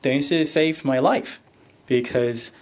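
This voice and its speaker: A man's voice: medium pitch, measured pace. A man presenting a teacher workshop, explaining animatedly and switching between Mandarin and English. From Taiwan. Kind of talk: bilingual lecture and discussion.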